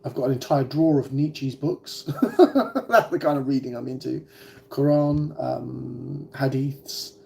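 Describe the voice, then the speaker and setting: A man's voice: medium pitch, vocal fry, darkish tone, a little hiss or hum. A man in his forties with a British accent, chatting casually with viewers on a livestream, rambling and hesitant with many ums and restarts. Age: 40s. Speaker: vlogger.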